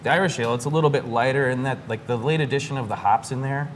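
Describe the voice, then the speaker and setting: A man's voice: mid-range voice, very fast. A man with a mid-range voice talks about beer casually, joking and hedging with fillers. A faint hiss sits behind him. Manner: jokey, loose, many fillers. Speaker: brewery guest. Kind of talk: casual radio interview.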